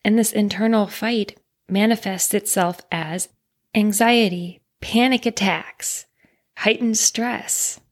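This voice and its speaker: A woman's voice: medium pitch, steady tone, takes it slowly. A woman talking straight to the listener in an earnest, reassuring way, asking rhetorical questions as she explains. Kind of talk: direct-to-listener talk on trauma.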